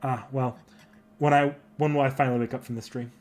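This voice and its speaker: A man doing a cold, quiet woman warrior. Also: steady tone, brisk, close to an everyday voice. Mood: cold, wistful. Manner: subdued, cold, low-key threatening. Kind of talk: voicing game dialogue aloud.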